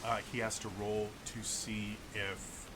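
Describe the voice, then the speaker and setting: A man's voice: lowish voice, little pitch movement, slow pace. Man, game master, tabletop narration, stammers and repeats words, noisy recording. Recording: noisy home mic.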